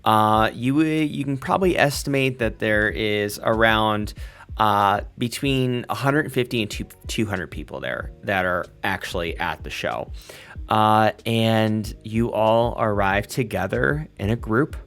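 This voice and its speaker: A man narrating a tabletop role-playing game as game master, halting often to search for words. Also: lowish voice, fairly bright tone. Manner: halting, full of fillers and restarts.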